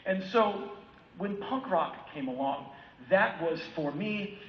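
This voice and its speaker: A man in his fifties from the United States giving a keynote talk, telling personal stories in an animated way and acting out other people's voices. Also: sits high, slow, slight background noise. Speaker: keynote speaker. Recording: echoey hall from far off, dull lo-fi sound with faint ambience.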